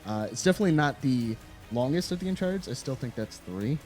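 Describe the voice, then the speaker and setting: A man's voice: medium pitch, lively intonation, fast, darkish tone, soft background music. A man co-hosting a video game review, talking in a loose, rambling way with laughs and casual swearing. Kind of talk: casual chat.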